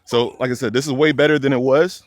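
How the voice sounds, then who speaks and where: A man's voice: medium pitch, steady tone, quick pace. A young man, a dog trainer, explaining leash work casually outdoors and addressing viewers as y'all. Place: outdoors by a fence near many dogs.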